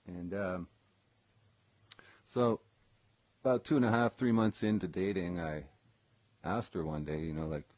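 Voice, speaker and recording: Deep-voiced man rambling through a story. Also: fairly even intonation, unhurried, pauses often, darkish tone, no echo. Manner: rambling, full of ums and self-corrections. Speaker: former session guitarist telling a personal story. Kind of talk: casual live-streamed storytelling.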